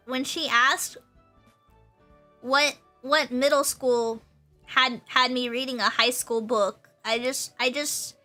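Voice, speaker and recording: Young woman streamer, high and very lively voice, chatty and rambling, faint music underneath. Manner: bubbly, rambling, laughs often, repeats herself. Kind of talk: casual chat with stream chat.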